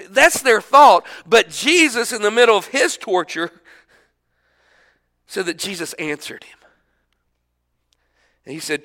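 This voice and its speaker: A man preaching a sermon, shifting between emphatic and hushed delivery. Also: fairly high pitch, animated, a little slow, pauses often. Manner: emphatic, swings from loud to hushed. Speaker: pastor.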